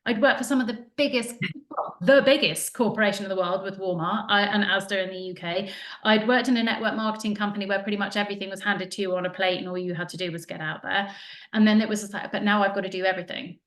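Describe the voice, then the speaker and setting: A woman, a podcast guest telling her story in casual, animated talk and acting out what people said. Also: medium pitch, fast. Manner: chatty, animated, acts out quoted dialogue. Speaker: podcast guest, joy coach. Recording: roomy echo.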